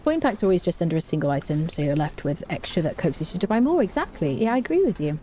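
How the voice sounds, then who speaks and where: Mellow-voiced woman streaming a game. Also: lowish voice, big pitch swings, fast, slight background noise. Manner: chatty, reads out chat, hums to herself. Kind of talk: casual live-stream gameplay chat.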